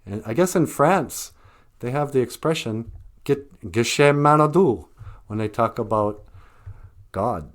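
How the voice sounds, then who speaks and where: A man's voice: medium pitch, expressive, measured pace, pauses often. A man hosting a language show, talking casually to viewers with frequent laughs and joking asides. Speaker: host of an Ojibwe language show. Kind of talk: casual talk to camera.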